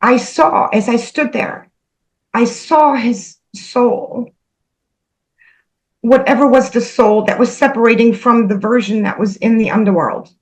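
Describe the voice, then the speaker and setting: A woman earnestly recounting a spiritual experience, halting and repeating herself, emotional as she goes. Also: a little high, low-quality recording. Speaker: spiritual channel host. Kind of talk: personal spiritual storytelling.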